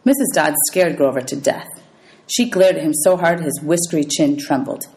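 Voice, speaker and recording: A woman teacher reading a novel aloud to her students, telling it in a lively storytelling way. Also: low voice, normal speed, rough recording. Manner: lively storytelling with voices for characters.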